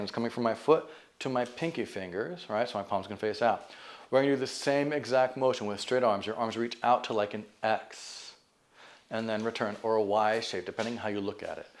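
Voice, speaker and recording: Calm man coaching a band workout. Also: mid-range voice. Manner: calm, coaching, counts reps down while cueing breath. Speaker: fitness instructor. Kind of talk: guided exercise class with counting. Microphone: camera mic.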